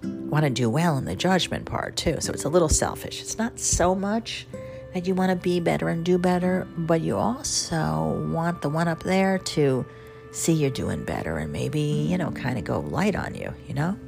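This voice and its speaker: A chatty radio host with a Southern accent and a very low voice that swings up and down a lot. Her tone is gravelly, and she wanders from story to story with self-mocking asides while music plays clearly underneath. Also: very animated, moderate pace. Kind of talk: casual storytelling monologue.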